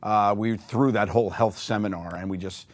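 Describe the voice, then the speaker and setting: An American man chatting on a live web show, rowdy and quick to laugh, with crude jokes. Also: lowish voice, steady tone. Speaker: cast member guest. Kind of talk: joking web show chat.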